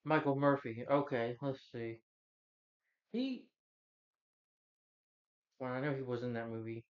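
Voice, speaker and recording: A man's voice: medium pitch, fairly even intonation, unhurried, dull audio. A man giving a casual, rambling movie review, restarting sentences and quoting lines as he goes. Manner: rambling, restarts, hums the score and quotes lines.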